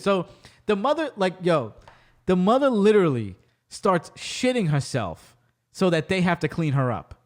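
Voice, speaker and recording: Animated high-voiced young man. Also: moderate pace. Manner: animated, acts out characters' lines. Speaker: podcast host. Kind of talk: casual chat, retelling a movie.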